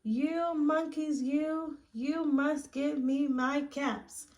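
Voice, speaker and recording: A woman doing an angry cap peddler, slow and scolding. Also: high-pitched, warm tone.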